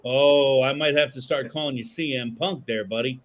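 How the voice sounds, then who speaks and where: This man hosts a podcast, talking at a moderate pace in a steady, mid-range voice over slight background noise. The chat is casual and meandering, loaded with swearing, fillers, and restarts.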